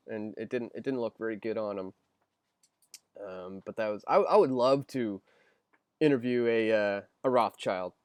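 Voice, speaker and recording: A man's voice: fairly low pitch, clean tone, no room sound. A young man hosting a casual live stream, reading viewer questions aloud and rambling through answers with lots of fillers and restarts. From Canada.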